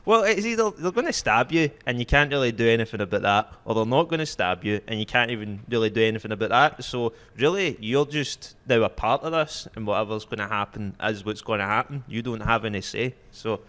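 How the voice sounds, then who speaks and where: A man with a Glaswegian accent, telling a story in a laid-back, deadpan way and laughing through it. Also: medium pitch, fairly quick, hardly any pauses, long reverb tail. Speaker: comedian guest. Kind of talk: casual storytelling.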